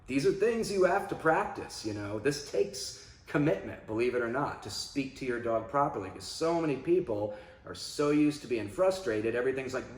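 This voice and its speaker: A man, a dog trainer, explaining handling in a casual instructional talk, breaking into loud, animated demonstrations of commands. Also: medium pitch, normal speed, reverberant.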